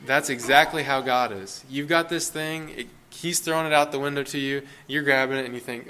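A pastor preaching an informal sermon, talking casually with frequent restarts and short laughing asides. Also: male voice, mid-range voice, fairly even intonation, moderate pace, sharp tone, smooth. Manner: conversational, self-interrupting, laughing asides.

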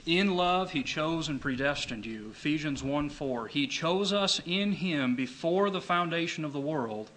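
A man preaching a sermon, emphatic, repeating key phrases and slowing down to read scripture. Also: fairly high pitch, fairly bright tone, rough recording.

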